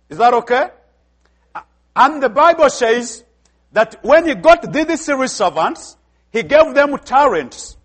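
A man's voice: very high voice, very animated, takes it slowly. A man from Africa with an African accent, preaching a sermon emphatically and asking the congregation questions.

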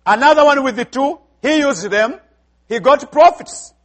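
A man's voice: very high voice, moderate pace, fairly bright tone. A man from Africa with an African accent, preaching a sermon emphatically and asking the congregation questions.

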